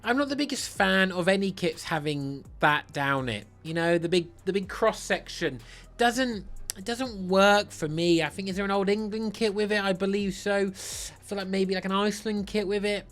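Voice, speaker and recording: A man's voice: sits high, normal speed, a bit bright, faint music behind. A man giving casual, playful ranking commentary on football kits, giddy and self-mocking, often stuttering and restarting. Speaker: football kit reviewer.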